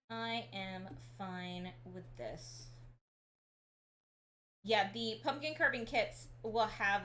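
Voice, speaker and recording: A woman's voice: mid-range voice, a bit bright, a little hiss or hum. A woman streamer chatting casually while carving a pumpkin, rambling and talking through each step. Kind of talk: casual chat while working.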